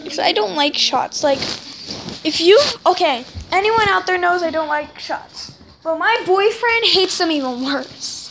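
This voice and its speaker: A woman's voice: very high voice, lively intonation, a little slow, noisy background. A sixth-grade girl chatting casually in a home vlog, rambling and filling gaps with "anyway". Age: child, sixth grader. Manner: rambling, keeps saying anyway. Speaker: vlogger.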